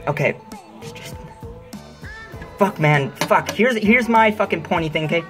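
A woman's voice: sits low, moderate pace, pauses often, music in the background. A woman vlogging at home into a handheld camera, talking casually, swearing freely and calling her viewers dude. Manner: profane and excitable, says dude a lot. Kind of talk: casual vlog commentary.

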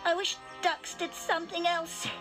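A high fretful little duck. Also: female voice, level tone, normal speed, music in the background. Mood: worried. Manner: fretful, anxious questions. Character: fretful little female duck who quacks. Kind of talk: children's TV voice acting.

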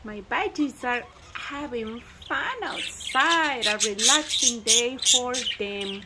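A woman's voice: on the high side, slow, very noisy. A woman talking to her pet budgies in an outdoor aviary in a cooing, doting baby-talk voice. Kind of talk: casual chat with pets. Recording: loud bird chatter over the voice. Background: loud budgie chirping and squawking.

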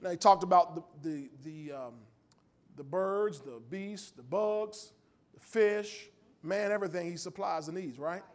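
A man with a high voice preaching to his congregation in a church sanctuary. He talks in a folksy way and laughs often. He swings between loud, emphatic lines and quiet storytelling asides. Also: measured pace. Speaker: pastor. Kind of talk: sermon.

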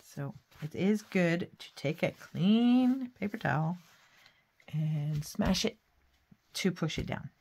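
A woman's voice: lowish voice, expressive, slow, a little mellow, breathy edge. A woman hosting a craft video, chatting casually while she works, humming nonsense sounds and using folksy sayings. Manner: chatty, talks to herself while working, hums and sings nonsense sounds. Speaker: craft channel host. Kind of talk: casual craft tutorial chat.

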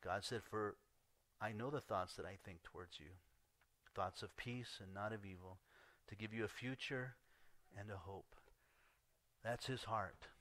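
A man's voice: lowish voice, a little slow, long pauses, a bit bright, no room sound. A man preaching a sermon as pastor, telling a story with acted-out dialogue and frequent laughter.

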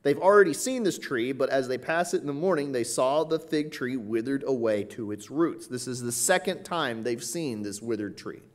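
A man preaching an expository Bible lesson in a conversational way, often pausing with "uh" and checking in with "right?". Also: mid-range voice. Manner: conversational, frequent "uh" and "right?" tag questions. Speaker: pastor.

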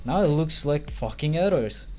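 Guy doing snarky lets play commentary, kinda high voice, faint game music under it. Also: lively intonation, moderate pace, darkish tone. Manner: sarcastic, swearing, mocking the game's text.

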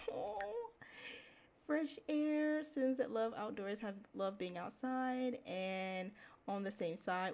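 A woman hosting a Let's Play, chatting excitably to viewers in casual gameplay commentary. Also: mid-range voice.

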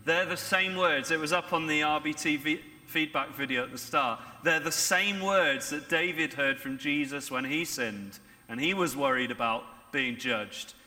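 Man, preacher, sermon, slightly high voice, rhetorical questions, church reverb. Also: moderate pace, few pauses, bright, forceful tone.

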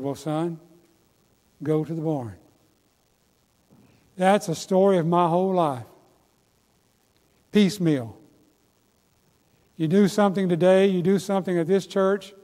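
An older pastor preaches in a folksy, storytelling way and pushes toward fervent exhortation. His voice sits high for a man. The sermon rings through a church with a long, lingering reverb. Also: a little mellow. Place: church sanctuary.

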